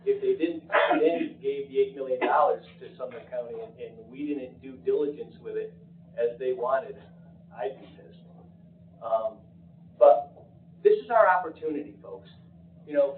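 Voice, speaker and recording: A man speaks earnestly during public comment at a county meeting and urges everyone to work together. He is heard from a distance in an echoey room, through thin, phone-like audio with a faint hiss. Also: on the high side. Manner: earnest, urging cooperation.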